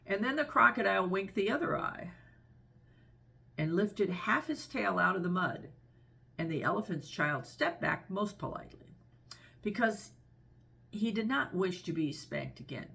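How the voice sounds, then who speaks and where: A woman reading a children's story aloud with expressive, gentle storybook narration. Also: medium pitch, a little slow, gravelly, long pauses.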